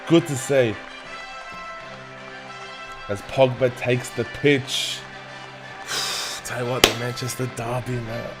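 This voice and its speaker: A man's voice: mid-range voice, steady tone, slow, long pauses, a bit bright, soft background music. A young man hosting a football watchalong, chatting casually and passionately with frequent swearing. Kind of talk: casual live match commentary.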